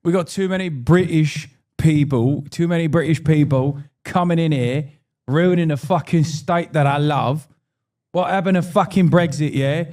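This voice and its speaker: Brief: man doing a swearing British lad mocking outrage, higher voice. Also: lively intonation, normal speed, hardly any pauses, warm tone, lightly acted. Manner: exaggerated, profane, ends lines with "lad" and "yeah?". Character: mock-angry British bloke, adult man, ranting.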